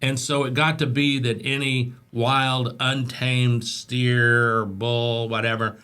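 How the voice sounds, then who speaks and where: A man guest on a podcast, telling stories in a chatty, animated way and acting out the voices of the people in them. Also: medium pitch, takes it slowly, clear, resonant tone. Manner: chatty, animated storyteller who acts out voices in anecdotes. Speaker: interview guest. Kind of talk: casual storytelling.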